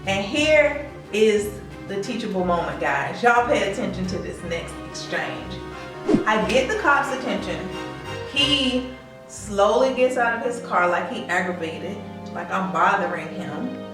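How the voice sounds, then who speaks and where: A woman's voice: mid-range voice, a little slow, recorded from a distance, music in the background. A woman telling a personal story in a casual storytime vlog, acting out what people said. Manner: animated, acts out quoted lines. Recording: echoey room, away from the mic.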